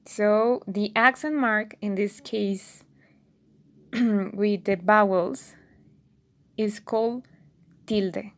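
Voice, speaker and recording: A woman teaching a beginner language lesson, patiently repeating words slowly and clearly for learners. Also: mid-range voice, fairly even intonation. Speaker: Spanish teacher.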